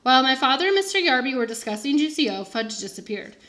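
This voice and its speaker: A woman teacher reads a children's chapter book aloud to her class. Her narration is expressive and animated, her voice somewhat high. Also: fast. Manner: expressive first-person narration. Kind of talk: storybook read-aloud for children.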